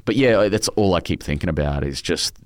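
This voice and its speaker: A man's voice: low voice, expressive, brisk, no echo, studio quality. A middle-aged Australian man, an author being interviewed, telling emotional stories in a rambling way with many restarts. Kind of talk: casual interview chat.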